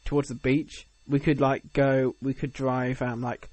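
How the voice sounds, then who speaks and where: A man's voice: medium pitch, level tone, a little slow, darkish tone, dry recording. A young man with an English accent chatting casually, joking and rambling with lots of fillers and restarts. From England. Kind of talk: casual chat.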